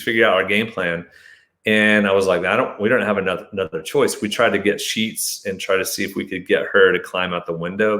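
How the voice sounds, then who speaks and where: In a reverberant recording, a man hosting his show tells a personal story as a monologue. He acts out shouted lines with sudden high jumps in his voice.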